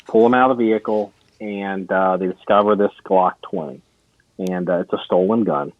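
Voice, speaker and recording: A man's voice: medium pitch, no room sound, narrow, tinny audio. A man co-hosting a podcast, telling long rambling stories in casual chat with many restarts and some swearing. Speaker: podcast co-host.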